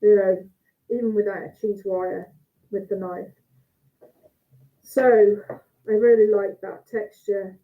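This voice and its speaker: A woman talks her way through a cheese tasting, chatty and thinking aloud as she cuts and samples. Her voice sits at an ordinary middle pitch. It comes through a thin, phone-like video call line. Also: fairly even intonation, slow, pauses often. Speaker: cheese judge. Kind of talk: casual judging chat over a video call. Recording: tinny phone-like call audio.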